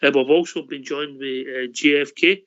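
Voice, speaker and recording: A man's voice: mid-range voice, steady tone, normal speed, fairly bright tone. Man hosting a call-in show. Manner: easygoing, calls people mate. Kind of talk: casual call-in chat. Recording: dull lo-fi stream audio.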